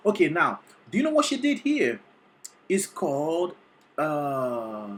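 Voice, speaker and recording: A vocal coach reacting to a singing performance, excitable and teacherly, often checking in with the listener. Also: mid-range voice, unhurried. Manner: excitable, sings short demonstrations between explanations; teacherly, keeps checking in with "okay?". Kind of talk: reaction video commentary.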